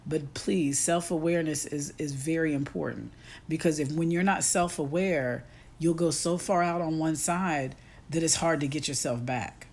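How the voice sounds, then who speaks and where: A woman's voice: low voice, a little slow. Woman life coach preaching on a phone livestream. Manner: conversational, preachy, addresses listeners directly. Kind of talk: motivational livestream talk. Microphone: phone on a live stream.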